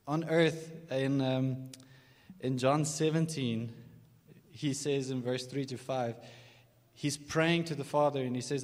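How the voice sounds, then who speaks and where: A man's voice: medium pitch, fairly even intonation, slow, a little mellow. A man preaching a sermon, earnest and emphatic, at a morning church service. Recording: long reverb of a large hall.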